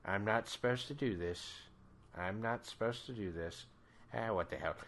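Man doing a guilty old man, muttered, quiet, low, half-hearted. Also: moderate pace.

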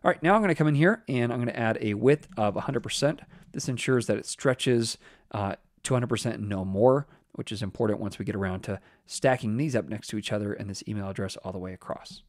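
Man, low voice, dry close mic, casual coding tutor thinking aloud as he types. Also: a little fast, no echo. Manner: relaxed, thinking aloud with fillers while typing code. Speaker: web development instructor. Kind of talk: screen-recorded coding tutorial.

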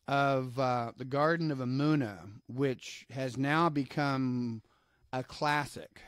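A man's voice: mid-range voice, no room sound. A man with a Southern US accent hosting a live online book reading, chatty and upbeat, greeting viewers by name. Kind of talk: casual live-stream talk.

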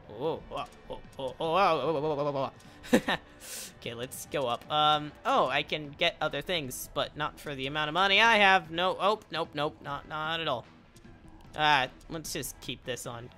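A man hosting a let's play video, chatting to himself as he plays, with sudden excited yelps and cheers. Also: fairly high pitch. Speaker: gaming channel host.

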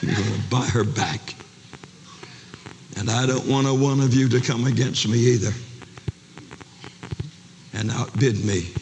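An older man preaching a dramatic sermon to a large camp meeting, acting out each character's voice, shouting one moment and whispering the next. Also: medium pitch, fairly even intonation, unhurried, pauses often. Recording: live sermon recording, long hall reverb, faint noise.

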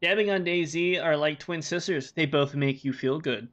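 A man gives casual gameplay commentary while streaming, rambling to himself and his viewers with heavy swearing. His voice is fairly high and a bit bright at a normal speed, captured on a dull lo-fi recording.

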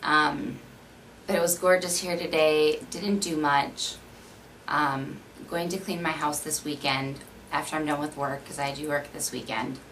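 A woman's voice: low voice, steady tone, unhurried, fairly bright tone, distant mic, a little hiss or hum, poor audio. A woman from Minnesota with a Minnesota accent, chatting casually and rambling with lots of fillers in a home vlog. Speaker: beauty vlogger.

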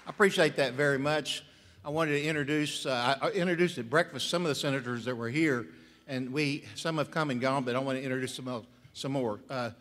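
A man's voice: medium pitch, fairly even intonation, a little fast, a bit bright. Folksy male senator at a podium. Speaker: state senator. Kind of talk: introducing colleagues. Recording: long hall reverb.

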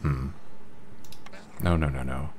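Deep-voiced man muttering over gameplay. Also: steady tone, slow pace, a little mellow, slight background noise. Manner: muttering to himself, wry and self-mocking. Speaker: gameplay commentator. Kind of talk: casual let's-play commentary.

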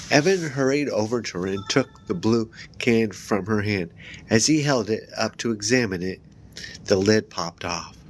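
A man reads a children's horror book aloud, pitching his voice higher and louder for the characters' lines and dropping it low for the narration tags.

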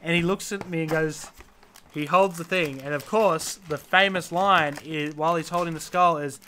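A man hosts a live card-break stream with a forceful, bright voice that sits a little high. He reels off player names in steady lists and breaks them up with offhand joking asides. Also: moderate pace, a little hiss or hum.

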